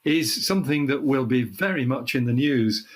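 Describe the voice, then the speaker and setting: An older man from the UK, with a frog in his throat, explaining space science in casual chat and clearing his throat often. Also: medium pitch, animated, normal speed. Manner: thoughtful, restarts phrases, clears throat often. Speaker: astronomy guest expert.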